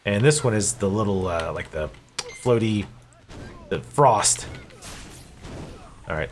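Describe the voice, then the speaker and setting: A man's voice: lowish voice, animated, takes it slowly, slight background noise. A man casually commentating his gameplay, joking and sarcastic and swearing freely. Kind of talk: casual let's-play commentary.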